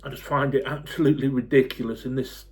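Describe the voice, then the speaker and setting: A man in his forties, talking to camera in a blunt, fed-up rant, swearing freely and pausing on lots of ums. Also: mid-range voice, steady tone. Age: 40s. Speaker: football fan YouTuber.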